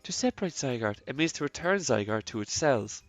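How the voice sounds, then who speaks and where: A man reading game characters aloud in a mock French accent, quiet and halting with stumbles. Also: mid-range voice, expressive, soft background music, close to an everyday voice.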